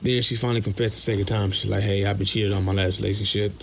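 A man's voice: fairly low pitch, flat delivery, racing, vocal fry, slight background noise. A young man calling in, bluntly telling a personal story in slangy speech. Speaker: caller.

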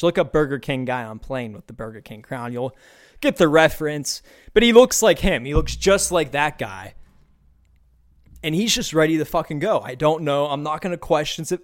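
Young man, podcast host, fairly high voice, profane comedic rant, animated bursts. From United States. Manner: animated, profane, ranting with quick bursts of enthusiasm. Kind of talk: casual comedic monologue.

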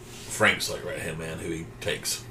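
Deep-voiced man, roomy and off-mic. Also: little pitch movement, measured pace. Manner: rambling, hedging with "like". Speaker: podcast co-host. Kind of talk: casual movie discussion. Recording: roomy sound from off-mic with faint background noise.

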